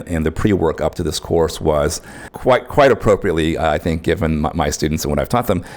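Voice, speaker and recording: A man teaching an online course in a conversational way, often checking in with his listeners. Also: sits low. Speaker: course instructor.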